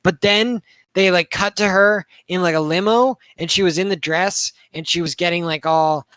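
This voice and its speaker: A man's voice: sits high, steady tone, normal speed, a bit bright, clean tone, no room sound. A man co-hosting a podcast, chatting casually and rambling with lots of fillers and swearing. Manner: rambling, heavy on filler words, swears a lot. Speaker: podcast co-host reviewing a movie. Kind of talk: casual chat.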